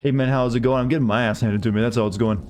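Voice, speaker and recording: Fast-talking male game streamer. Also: medium pitch, fairly even intonation, a little mellow, soft background music. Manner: chatty, rambling, many restarts. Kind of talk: casual gameplay commentary.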